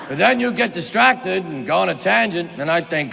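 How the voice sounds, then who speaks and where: Male stand-up in his forties, lively swearing storyteller with a wide-swinging delivery; live hall recording with audible room noise. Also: sits high, a little fast, vocal fry. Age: 40s. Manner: animated, profane storytelling with acted-out quotes. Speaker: stand-up comedian. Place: comedy stage before an audience.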